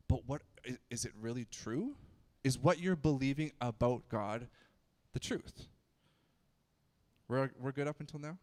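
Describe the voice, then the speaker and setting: A man giving a casual youth sermon, chatty and joking, with frequent restarts and stammers. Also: medium pitch. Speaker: youth pastor. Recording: long hall reverb.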